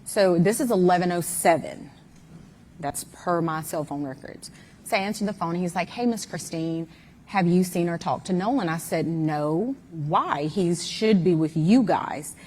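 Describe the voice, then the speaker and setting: A mother telling the story of a phone call in an interview, with halting fillers and precise details. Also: lowish voice, darkish tone, a little hiss or hum. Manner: hesitant, detailed retelling with fillers. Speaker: mother recounting events. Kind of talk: interview account.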